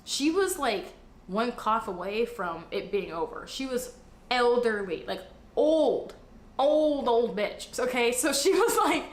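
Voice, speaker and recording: A woman's voice: on the high side, expressive, unhurried. A woman in her twenties telling a dramatic story in a chatty way, swearing freely. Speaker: storyteller in a clip. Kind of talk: casual storytelling. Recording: echoey room, faint noise.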